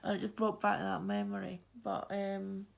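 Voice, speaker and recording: A woman with a Fife Scottish accent talks in a relaxed, chatty way while she stitches. Her voice has a gravelly, fry-edged texture, and she often laughs as she rambles through her anecdotes. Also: mid-range voice, normal speed, a little hiss or hum. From Scotland. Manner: rambling, laughs often, many fillers and restarts. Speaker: cross-stitch vlogger.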